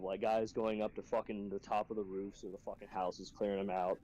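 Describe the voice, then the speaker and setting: A man's voice: a little fast, highs cut off. A man telling a training story in casual, profane chat, acting out quotes with sudden jumps in his voice. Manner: profane, animated, acts out quotes in a high voice. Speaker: Marine instructor telling a war story.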